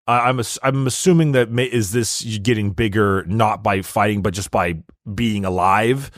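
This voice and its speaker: Curious male co-host, fairly low voice. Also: moderate pace, no room sound, clean studio sound. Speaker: podcast co-host. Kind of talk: casual chat.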